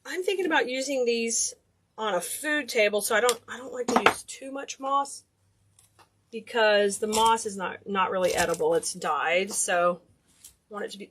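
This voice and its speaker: A woman's voice: mid-range voice, fairly bright tone, a little hiss or hum. A woman hosting a casual DIY craft tutorial, chatty and enthusiastic, gushing over cute details. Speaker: craft video host.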